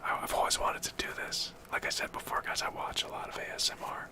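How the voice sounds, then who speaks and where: A man trying out a soft ASMR whisper in a whispered role-play while shuffling cards. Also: fast, natural voice. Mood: hushed. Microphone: close condenser mic.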